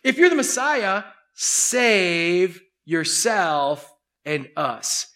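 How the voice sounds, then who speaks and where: A man's voice: high-pitched, very animated, drawn-out words, pushed and bright, full character voice. A man voicing a scornful dying male criminal who taunts sarcastically. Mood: taunting.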